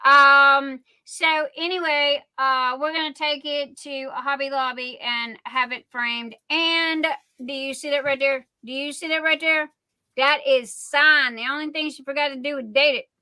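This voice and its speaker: A middle-aged woman hosting a casual livestream, telling stories in a rambling, excitable way. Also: sits high, moderate pace, hardly any pauses. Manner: rambling, excitable, chatty storytelling. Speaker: livestream host.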